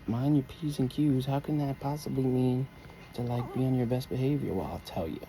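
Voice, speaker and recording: A man's voice: medium pitch, gravelly, low-quality recording. A father chatting playfully to his baby son, rambling with many fillers. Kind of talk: casual chat.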